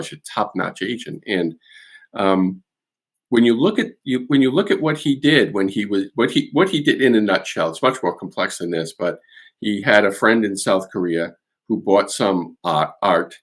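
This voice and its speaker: A man with a Boston accent, a guest expert, explaining a case in a measured way with fillers and restarts. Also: low voice. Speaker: security and art crime expert guest. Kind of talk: conversational expert analysis.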